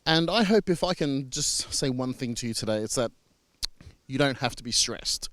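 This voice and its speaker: A man's voice: medium pitch, animated, normal speed, fairly bright tone, no echo. A man from Australia with an Australian accent, a marriage celebrant talking casually and reassuringly to camera with frequent fillers and restarts.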